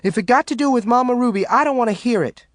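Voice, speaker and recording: A man doing a high, exasperated young mother, snappish, very dry close sound. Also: big pitch swings, normal speed, no echo. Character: fed-up young Southern mother, sharp-tongued.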